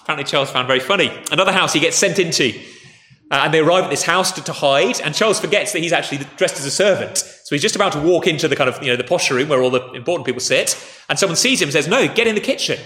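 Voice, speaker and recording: A man preaching a sermon, telling a story in a relaxed conversational way and speaking to the children too. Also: on the high side, rapid-fire. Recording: echoey hall with faint ambience.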